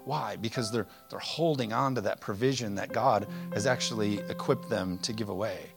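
A man preaching a conversational, energetic sermon full of rhetorical questions. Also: lowish voice, moderate pace, creaky, over music. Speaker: pastor.

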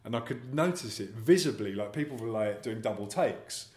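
A man's voice: lowish voice, animated, normal speed, a little mellow. A man speaking as an actor guest in a casual interview, telling rambling, self-deprecating anecdotes. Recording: echoey room.

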